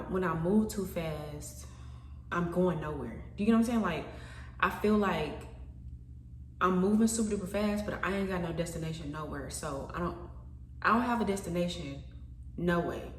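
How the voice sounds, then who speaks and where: A woman with a low voice talks straight to her camera, rambling and thinking aloud as she questions herself. She stumbles and repeats words, a little self-conscious. The room is echoey, with a faint hum underneath. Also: normal speed, recorded from a distance. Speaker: vlogger. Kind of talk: casual reflective monologue to camera.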